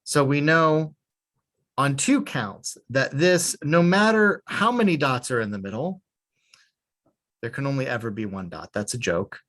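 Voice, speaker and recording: A man's voice: mid-range voice, lively intonation, measured pace, a bit bright. A man leading a beginner class, patient and methodical. He breaks each point into small steps and slips in a dry joke now and then. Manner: patient, explains step by step with small jokes. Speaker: Hebrew teacher. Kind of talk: online class instruction.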